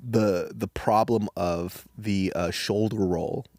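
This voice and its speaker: A man co-hosting a casual sports podcast, joking and swearing in an animated way. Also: fairly low pitch, slow, no echo, clean studio sound. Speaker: podcast co-host. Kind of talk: casual chat.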